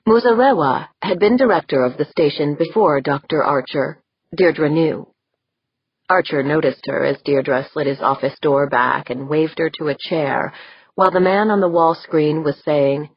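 A woman narrating an audiobook in a steady scripted reading. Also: low voice, normal speed, slightly rough, dry recording. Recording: dull, dry lo-fi recording.

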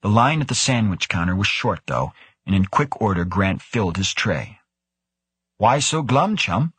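Husky low-voiced male audiobook narrator. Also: dry recording. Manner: steady, measured storytelling. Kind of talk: scripted narration.

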